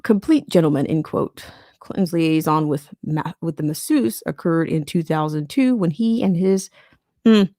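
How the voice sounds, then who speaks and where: A woman's voice: low voice, darkish tone, no echo, studio quality. A woman hosting a podcast, reading a news article aloud and breaking in with sarcastic asides. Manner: sarcastic asides between read quotes. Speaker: podcast host.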